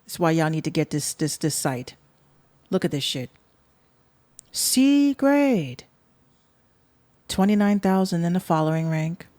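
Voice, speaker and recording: Bronx woman ranting on her podcast, cussing and sarcastic, lowish voice, dry close sound. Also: darkish tone, dry recording. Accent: New York (Bronx). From the Bronx, New York. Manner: blunt, profane and sarcastic, talking straight to listeners. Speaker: podcast host. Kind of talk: casual podcast rant.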